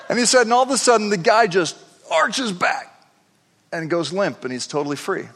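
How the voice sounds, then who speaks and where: A male pastor delivering a sermon with a lively, rising and falling voice, pushing hard on his points and doubling back on words. His voice sits a little high for a man. It rings with the long reverb of a large hall. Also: a little fast, slight background noise. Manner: animated preaching, repeats words for emphasis. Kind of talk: sermon storytelling.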